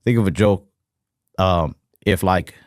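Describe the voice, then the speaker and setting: A man's voice: sits low, takes it slowly, no room sound, clean studio sound. A man co-hosting a podcast, talking in a rambling casual way with lots of fillers and swearing. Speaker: podcast co-host.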